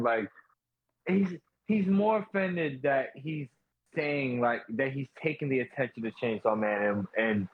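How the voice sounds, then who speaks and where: A man co-hosts a laid-back podcast, rambling with plenty of fillers. His voice is husky. It comes through a dull, lo-fi mic with a dry, close sound. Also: mid-range voice, no room sound. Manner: loose, rambling, lots of fillers. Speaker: podcast co-host. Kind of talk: casual chat over call.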